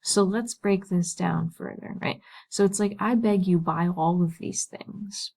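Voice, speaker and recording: A woman's voice: fairly low pitch, unhurried, creaky, dark tone, rough recording. A woman teaching Latin, talking through the text casually and thinking aloud, with many "right?" and "like" fillers.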